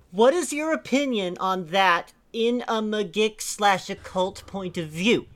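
A woman's voice: mid-range voice, lively intonation, slow pace. A woman co-hosting a casual comedy chat, brash and crude in a playful way. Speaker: podcast co-host.

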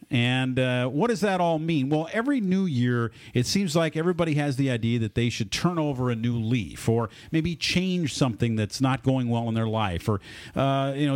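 A man's voice: mid-range voice, dry recording. A man co-hosting an adult-themed talk radio show, chatting casually with lots of fillers and easy laughs.

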